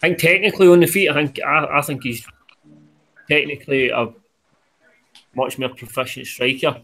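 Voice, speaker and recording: A man's voice: fairly high pitch, steady tone, normal speed, bright, forceful tone. A man on an MMA late show, weighing up fighters in a hesitant, analytical way with many fillers. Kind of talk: casual chat and fight analysis.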